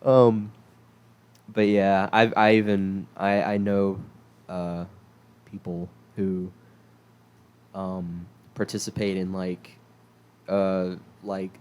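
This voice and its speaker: A man's voice: low-pitched, flat delivery, slow pace, pauses often, darkish tone, clean tone. A young man from South Carolina co-hosting a podcast, chatting casually, laughing often and swearing now and then. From South Carolina, USA. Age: young adult. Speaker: podcast co-host. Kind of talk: casual chat.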